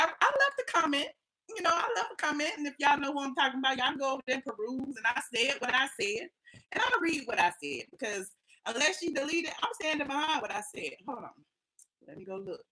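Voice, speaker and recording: Sassy lady doing live gossip talk, high bright voice. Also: low-quality recording. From Atlanta, US. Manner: sassy, animated, laughs a lot. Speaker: host. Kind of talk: livestream gossip commentary.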